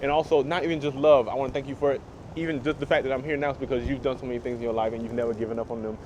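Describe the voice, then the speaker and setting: A man's voice: mid-range voice, steady tone, rapid-fire, noisy background. A young man thanking his mother sincerely in a rambling, filler-heavy way. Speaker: host speaking to his mother. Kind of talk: heartfelt conversation.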